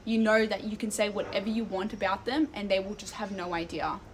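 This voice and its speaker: A young Australian woman streaming live, telling stories in a casual, animated way and swearing freely. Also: medium pitch, a little fast, slight background noise.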